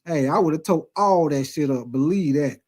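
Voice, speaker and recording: A man's voice: on the high side, normal speed, a little mellow. A man hosting casual sports talk, emphatic and full of profanity.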